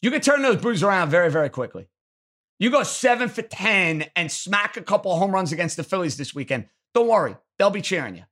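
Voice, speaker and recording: Sports radio host, male, bright and punchy delivery, blunt opinions. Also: high voice, expressive, fairly quick. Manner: blunt, emphatic, ranting. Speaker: sports talk show host. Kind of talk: opinionated sports call-in commentary.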